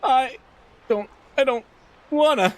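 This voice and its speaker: A man's voice: slow pace, no echo. A man voicing a shy, tearful young woman reporter who pleads and sobs as he reads a visual novel aloud. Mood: whiny. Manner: sobbing, pleading, high-pitched.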